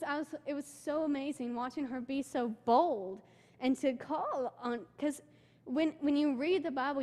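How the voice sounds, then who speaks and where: Young woman, slightly high voice, eager church talk with plenty of fillers, long hall echo. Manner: excitable storytelling, many "like" fillers. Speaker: church member giving a mission trip report. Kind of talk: informal talk with slides. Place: church sanctuary.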